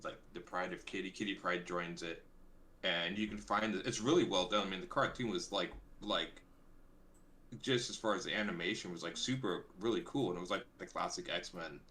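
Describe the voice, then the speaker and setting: Guy with a low punchy voice rambling on, swapping comic book memories. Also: moderate pace, sharp tone. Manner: rambling, reminiscing storyteller. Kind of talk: casual chat.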